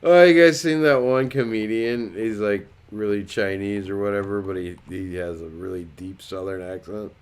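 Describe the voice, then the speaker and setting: A man's voice: lowish voice, normal speed, hardly any pauses, clean tone. A man hosting a casual livestream chat, talking in a laid-back way that trails off into mumbles. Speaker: host.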